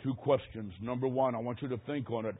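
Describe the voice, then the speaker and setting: A man preaching a sermon with dramatic storytelling that swings from hushed tones to shouting. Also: medium pitch, steady tone, a little fast, breathy edge. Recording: tinny, phone-like recording.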